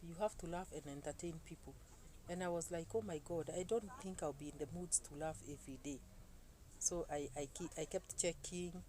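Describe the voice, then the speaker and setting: A woman, telling a story to camera in an animated way, full of exclamations. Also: on the low side, moderate pace, a little hiss or hum, low-quality recording. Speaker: YouTuber. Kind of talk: casual talk to camera. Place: indoors, seated. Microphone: phone camera.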